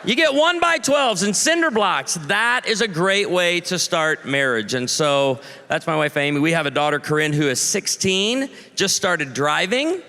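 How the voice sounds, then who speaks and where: A man in his forties delivers stand-up comedy from a church stage. His voice is pitched a little high and sounds bright and smooth. Each punchline rings out into the long reverb of a large venue. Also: sing-song, a little slow, few pauses. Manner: punchy, playful, calls for audience response. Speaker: pastor and comedian. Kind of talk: stand-up comedy talk to a live audience.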